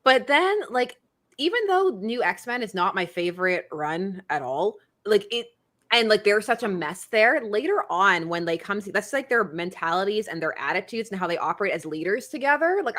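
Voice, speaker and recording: A woman chatting as a guest on a comics livestream, giggly and animated. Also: medium pitch, normal speed. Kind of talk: casual chat.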